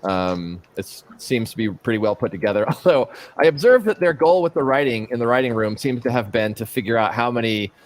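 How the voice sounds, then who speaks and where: A man's voice: mid-range voice, animated, brisk, hardly any pauses. A man co-hosting a casual livestream, making wry, joking asides. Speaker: livestream co-host.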